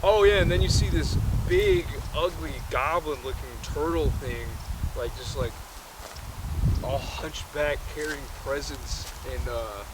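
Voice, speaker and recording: A man's voice: a little high, a little slow, noisy background. A man casually retelling a movie, rambling with many fillers and self-corrections.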